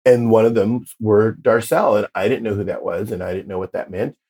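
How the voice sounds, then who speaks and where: A man's voice: fairly low pitch, a little fast, husky. A man in his fifties, a drag performer, telling stories in a casual interview and acting out the voices of the people he quotes. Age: 50s. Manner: animated storyteller, acts out quoted voices.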